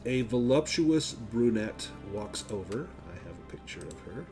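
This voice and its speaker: A man narrating a tabletop role-playing game as game master, descriptive and unhurried, pausing with fillers. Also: medium pitch, lively intonation, over music.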